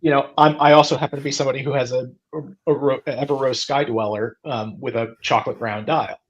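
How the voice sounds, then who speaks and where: A man with a husky, slightly rough voice talks casually on a live stream. He rambles and restarts his sentences often, his pitch sitting in a middle range. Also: steady tone, quick pace, highs cut off. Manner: rambling, full of restarts and fillers.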